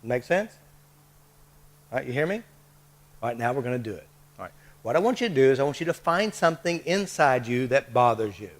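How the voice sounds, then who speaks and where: A man's voice: medium pitch, big pitch swings, fairly quick, long pauses. A man leading a live workshop, coaxing the group with short repeated prompts and checks. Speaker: workshop leader.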